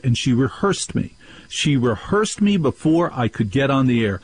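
A husky, mid-pitched man hosts a talk radio show. He tells stories in an animated way and does the voices of the people in them. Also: normal speed, poor audio. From New Jersey. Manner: animated storytelling, acts out quoted voices.

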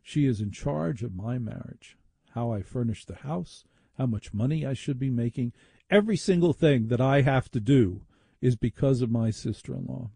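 A man's voice: medium pitch, moderate pace, gravelly, warm tone, slightly rough, no room sound. A man hosting a talk radio show, delivering an opinionated, indignant and sardonic monologue into a studio microphone.

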